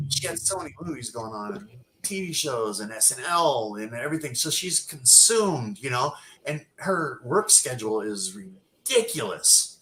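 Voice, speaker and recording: A man telling a long profane story as a podcast guest, loud and animated. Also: medium pitch, reverberant, rough recording. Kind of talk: casual storytelling.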